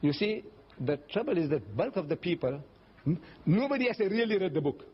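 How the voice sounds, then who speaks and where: A man's voice: a little fast, breathy edge. An older man giving a religious lecture and answering audience questions, telling stories animatedly and acting out the voices he quotes. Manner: animated storytelling, often jumping up in pitch to act out quoted voices. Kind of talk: public lecture Q&A. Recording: dull lo-fi lecture recording.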